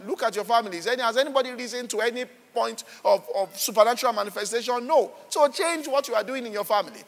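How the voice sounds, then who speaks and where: Male pastor, sermon, very high bright voice, animated, long hall reverb. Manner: animated, repeats "all right" and "are you following".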